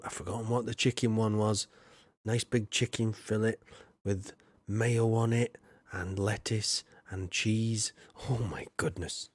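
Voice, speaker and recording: A man's voice: lowish voice, no echo, studio quality. A man chatting casually while streaming a game, rambling and laughing often as he reads his chat.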